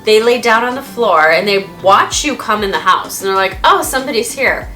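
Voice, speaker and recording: A woman vlogger and dog owner telling stories casually to the camera in a chatty, animated way, laughing often. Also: mid-range voice, moderate pace, faint music behind.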